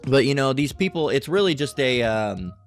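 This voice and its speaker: A man's voice: medium pitch, expressive, normal speed, faint music behind. A man giving a rambling religious commentary monologue in a mocking tone, often checking in with "all right?".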